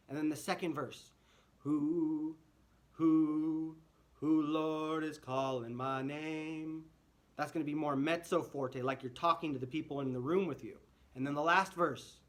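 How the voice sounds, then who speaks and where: A man's voice: on the high side, steady tone, a little slow. A man teaching a children's music lesson, friendly and full of rhetorical questions, singing short phrases to demonstrate.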